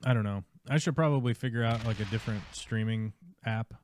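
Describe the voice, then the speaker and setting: A man's voice: fairly low pitch, a little fast, darkish tone, slight background noise. A male streamer giving casual, wry commentary while he plays a strategy game live.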